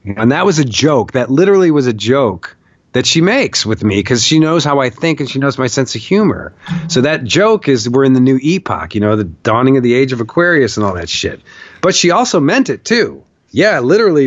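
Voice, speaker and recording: Animated man telling a wild story. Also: medium pitch, moderate pace, no echo, dull audio. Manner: animated storyteller, swears, acts out shouted quotes. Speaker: podcast guest, documentarian. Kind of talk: storytelling in a long interview.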